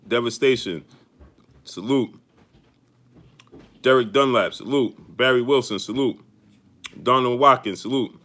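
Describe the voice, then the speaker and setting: A man hosting a live boxing stream, greeting his viewers one by one in energetic slang. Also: mid-range voice, unhurried, pauses often. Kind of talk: casual live-stream shout-outs.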